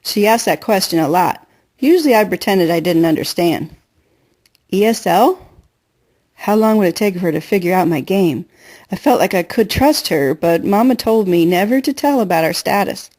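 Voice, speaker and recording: A woman reading a first-person novel aloud in an earnest, steady storytelling voice. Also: fairly low pitch, fairly quick. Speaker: audiobook reader.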